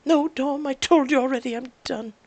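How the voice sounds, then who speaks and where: A woman's voice: sits high, moderate pace, warm tone, no echo, pitched above the performer's own voice. Woman doing a bitter young servant man. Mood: angry. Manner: curt, resentful.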